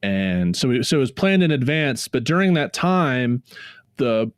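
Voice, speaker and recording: A man's voice: medium pitch, lively intonation, measured pace, clear, resonant tone, no echo. A man co-hosting a podcast in casual chat, steering the talk and recapping events. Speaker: podcast co-host.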